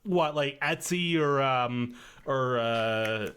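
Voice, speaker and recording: A man's voice: mid-range voice, slow pace, a bit bright, clear, resonant tone. Rambling young man in podcast chat. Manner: rambling, many fillers and restarts. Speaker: podcast guest, machinima creator.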